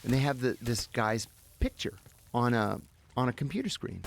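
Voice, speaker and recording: A man, a guest in an interview, telling a story in an animated way and acting out the people he quotes. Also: mid-range voice, moderate pace, vocal fry, a little hiss or hum.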